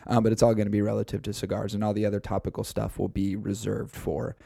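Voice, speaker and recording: A man's voice: lowish voice, level tone, quick pace, vocal fry, no echo, clean studio sound. A man co-hosting a casual podcast, talking at length and laying out the show's plans. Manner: talkative, plans the show out loud. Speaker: podcast co-host.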